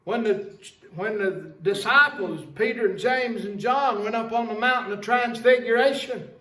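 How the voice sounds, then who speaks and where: Pastor guy preaching hard, really high voice, sounds far off in a big echoey church. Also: moderate pace, sharp tone. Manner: fervent preaching, quotes scripture figures. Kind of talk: sermon. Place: church sanctuary. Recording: echoey church hall, distant mic.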